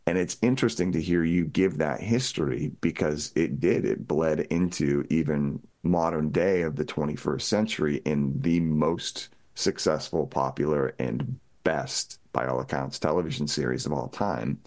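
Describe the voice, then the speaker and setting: A man with a very deep voice talks casually and eagerly about a movie with his co-host. He breaks down characters one by one in a relaxed conversational way. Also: normal speed, few pauses. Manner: enthusiastic, recaps characters conversationally. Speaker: podcast co-host. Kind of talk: casual film discussion.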